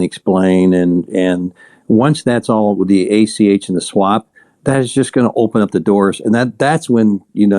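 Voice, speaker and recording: A man's voice: low-pitched, dark tone, dry recording, clean studio sound. A man agreeing and adding thoughts loosely in a casual group call.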